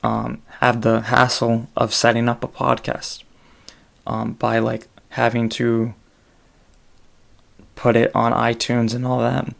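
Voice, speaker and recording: A man hosting his own solo podcast, talking in a rambling, halting way with many fillers. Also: medium pitch, completely flat delivery, gravelly. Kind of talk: casual solo podcast monologue.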